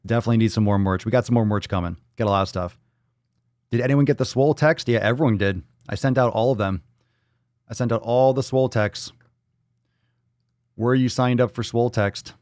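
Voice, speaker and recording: A man's voice: mid-range voice, fairly quick, pauses often, darkish tone, dry recording, clean studio sound. A man hosting a casual livestream podcast, talking loosely and swearing freely while reading chat comments aloud. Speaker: podcast host. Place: indoors at home.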